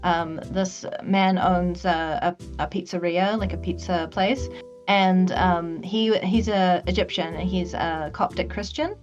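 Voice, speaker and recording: Low-voiced New woman chatting. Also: fairly even intonation, a little slow. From New Zealand. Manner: reflective and conversational, laughs often. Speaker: VTuber guest. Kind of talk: casual chat. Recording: dull lo-fi stream audio, faint music behind.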